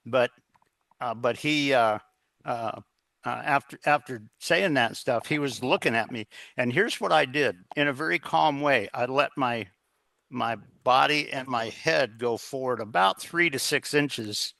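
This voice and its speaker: A man's voice: medium pitch, a little slow, vocal fry, sharp tone, no echo. A man telling an earnest story as a guest in a casual interview, acting out the dialogue as he goes. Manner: earnest, anecdotal, quotes others in dialogue.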